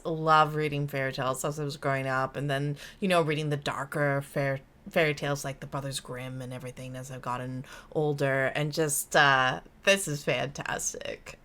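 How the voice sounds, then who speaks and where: A woman's voice: fairly low pitch, pushed and bright. A woman hosting a video reaction, talking in casual, enthusiastic commentary with frequent laughs and exclamations.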